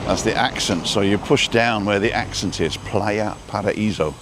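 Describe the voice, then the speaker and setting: Guy talking from his car on a live stream, lowish voice, wry, bit of road hum. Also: moderate pace. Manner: chatty, wry, reads out viewer comments. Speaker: vlogger driving and filming. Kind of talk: casual live-stream chat while driving. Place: inside a car.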